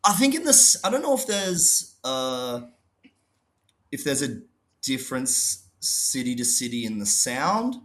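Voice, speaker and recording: Australian guy thinking out loud. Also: mid-range voice, sing-song, a little slow. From Sydney, Australia. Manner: hesitant, thinks out loud, swears casually. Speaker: band member, guest. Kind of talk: casual chat.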